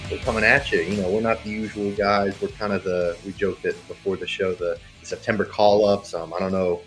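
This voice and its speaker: A man hosting a casual sports podcast, easygoing and quick to laugh, with lots of ums. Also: deep voice, level tone, fairly bright tone, soft background music. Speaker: podcast host.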